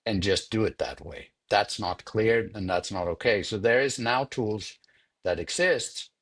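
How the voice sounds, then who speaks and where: An older man speaks with a husky, slightly low voice. He tells stories in a relaxed, unhurried way during an interview and repeats words as he gathers his thoughts. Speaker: interviewed sound editor. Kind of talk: conversational interview storytelling.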